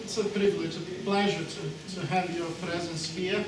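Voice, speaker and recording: Halting man speaking in a reverberant hall. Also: high-pitched, steady tone. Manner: halting, many fillers, warm praise of colleague. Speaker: seminar speaker, law professor. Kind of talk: public speech. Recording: echoey hall, distant mic, noise.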